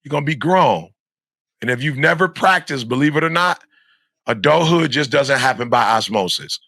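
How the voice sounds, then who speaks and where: A man's voice: mid-range voice, animated, normal speed, pushed and bright, no room sound, studio quality. A middle-aged man giving an emphatic, repetitive motivational talk to young students, like a preacher. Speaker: motivational speaker.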